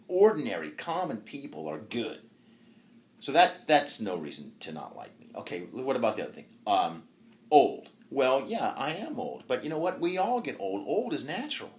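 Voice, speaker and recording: A man giving a university literature lecture who retells a story with animation, acts it out, and laughs often. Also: mid-range voice. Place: classroom.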